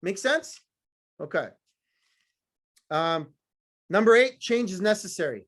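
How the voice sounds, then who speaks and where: A man with a notably high-pitched voice delivers a live motivational talk to a sales team. He is blunt and profane, teases his listeners, and hammers his points home in short, repeated phrases. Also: expressive, slow pace, a bit bright. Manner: blunt, profane, fired-up, teasing the audience; repetitive punchy phrasing. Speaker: motivational speaker.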